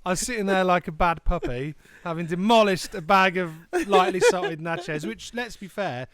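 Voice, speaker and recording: A man's voice: high-pitched, animated, normal speed, fairly bright tone, no echo, clean studio sound. A man co-hosting a comedy podcast, rambling through stories in casual chat and slipping into silly voices. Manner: rambling storyteller who slips into silly voices. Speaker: podcast co-host.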